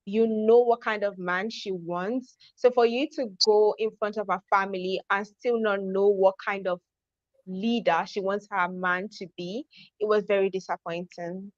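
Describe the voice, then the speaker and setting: A woman's voice: medium pitch, steady tone, normal speed, dry recording. Thoughtful woman host, dry lo-fi sound. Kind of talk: casual interview talk.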